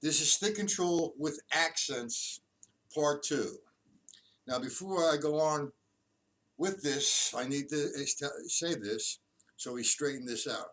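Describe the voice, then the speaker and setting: A man teaching a casual drum lesson. He explains stick patterns, counts the beats out loud, and keeps correcting himself. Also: a little high, slow pace. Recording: distant mic with loud drum noise.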